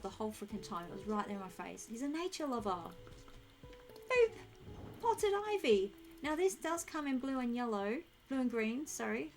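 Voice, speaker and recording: A young woman streaming a game, chatting casually and thinking aloud while she answers her chat. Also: on the high side.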